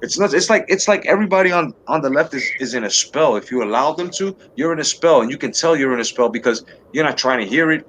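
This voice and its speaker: A man's voice: fairly high pitch, lively intonation, fast, hardly any pauses, a bit bright, a little hiss or hum. A man hosting a live talk stream, ranting heatedly and profanely, with many restarts and repeated words. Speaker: livestream talk show host. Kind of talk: heated political rant to a live chat.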